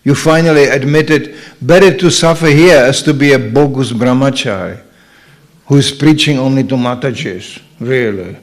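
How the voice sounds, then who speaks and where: A man's voice: medium pitch, moderate pace. An older man teaching as a spiritual lecturer, giving a humorous sermon and acting out the voices he quotes. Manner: jokey, acts out quoted voices.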